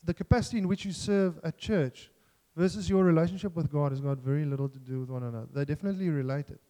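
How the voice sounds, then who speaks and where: A man's voice: a little high, quick pace, mellow, in a large hall. A man preaching a sermon in an earnest, self-deprecating way, joking and restarting as he talks.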